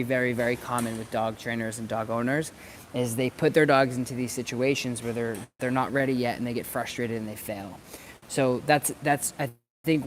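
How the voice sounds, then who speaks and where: Recorded with a little hiss or hum, a man with a mid-range voice offers casual instruction to camera. The dog trainer stands outside near planters, conversational in tone, often repeating words as his thoughts come together.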